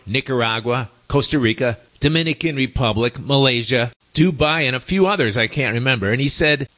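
A chatty male host spins a long anecdote in a casual monologue and drops wry asides along the way. His voice sits at an ordinary middle pitch but swoops up and down a lot as he talks. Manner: chatty, wry asides, lively rising and falling delivery.

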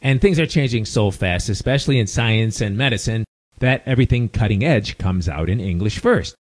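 A man's voice: on the low side, expressive, moderate pace. An older man with a Chicago accent, telling a casual story full of wry, chatty asides. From United States. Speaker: expat storyteller.

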